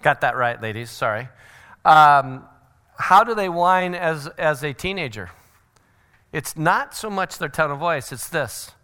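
A middle-aged man teaching a church parenting seminar, his voice bright and a little high for a man. He talks in an animated, joking way and slips into quick impressions of what other people say. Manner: animated, acts out quoted voices. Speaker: seminar speaker.

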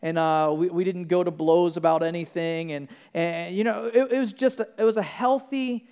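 Man preaching a conversational sermon. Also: high voice. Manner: conversational, repeats words when restarting. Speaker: pastor. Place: church.

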